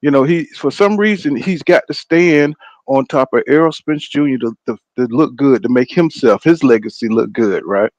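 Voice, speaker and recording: A man's voice: mid-range voice, moderate pace, a little mellow, dry recording, lo-fi sound. A man hosting a live boxing reaction stream, talking loosely and profanely and greeting viewers by name. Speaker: boxing channel host. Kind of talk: casual live-stream commentary.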